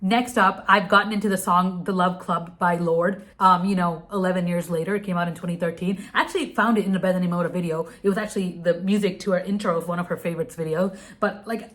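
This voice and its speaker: A woman's voice: on the low side, fairly even intonation, fast, few pauses, fairly bright tone, faint music behind. A young woman whose first language is Telugu, chatting bubbly and casually through her monthly favorites with many restarts. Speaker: vlogger.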